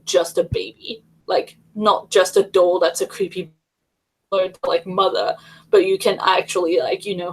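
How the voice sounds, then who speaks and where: A woman's voice: mid-range voice, poor audio. A woman hosting a casual livestream chat, talking in a rambling way with many fillers and restarts. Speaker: livestream host.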